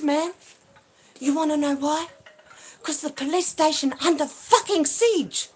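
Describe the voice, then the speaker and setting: A woman ranting angrily and swearing as she films a phone livestream outdoors in a backyard, swinging between loud outbursts and low mutters. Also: unhurried. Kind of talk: agitated livestream rant. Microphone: handheld phone.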